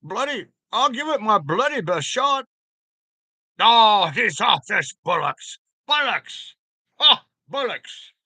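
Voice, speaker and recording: Man doing a hammy, plummy mock-British bloke, pitched up high, bright and teasing. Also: very animated, takes it slowly, breathy edge, dry recording, exaggerated voice. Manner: exaggerated British slang, plummy delivery.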